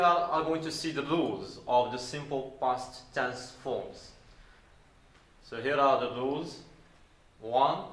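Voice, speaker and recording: A man from Morocco teaching an English grammar lesson deliberately, repeating words and spelling out verb endings. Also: mid-range voice, fairly bright tone. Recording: roomy echo.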